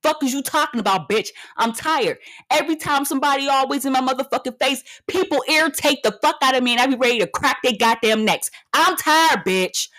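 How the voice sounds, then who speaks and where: A woman in her thirties delivers a comedic rant monologue like a podcast host, speaking straight into the mic. Brash, blunt and confrontational, she swears freely and repeats short lines over and over for punch. Her voice is high-pitched, animated, fast and fairly bright.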